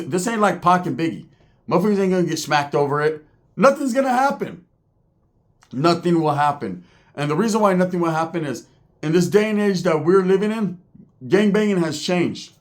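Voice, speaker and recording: Middle-aged man ranting in street slang. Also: fairly high pitch. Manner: streetwise slang, animated, tangents and asides. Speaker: street culture commentator. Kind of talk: casual commentary rant.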